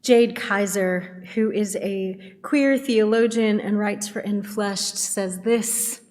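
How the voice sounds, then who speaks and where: A woman leading a church service, thanking the speaker and reading in a gentle, deliberate way. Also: medium pitch, steady tone. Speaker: worship leader. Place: church sanctuary. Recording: long reverb in a church hall.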